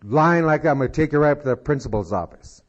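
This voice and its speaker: A man's voice: a little high, animated, fast, pitched above the performer's own voice, lightly acted. A man voicing a stern female schoolteacher who scolds a pupil who keeps lying. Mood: scolding. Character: stern schoolteacher woman losing patience. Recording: dull lo-fi tape.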